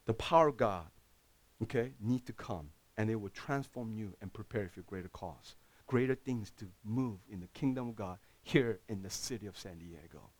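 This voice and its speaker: A middle-aged man preaching a sermon as pastor, swinging from loud bursts to hushed, low passages. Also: normal speed, husky, no room sound.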